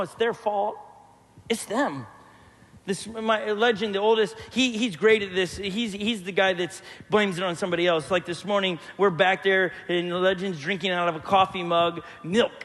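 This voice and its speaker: A man's voice: high-pitched, fairly bright tone, in a large hall. A man preaching a sermon as a pastor, joking and telling stories while acting out the voices of people he quotes. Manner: humorous storytelling, quoting others in voices. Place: church hall.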